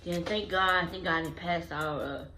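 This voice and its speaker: Soft music plays behind a woman whose fairly low voice sounds pushed and bright, delivered at a measured pace on poor audio. She's a vlogger sharing her own story to camera with earnest emotion, circling back over phrases while recalling events.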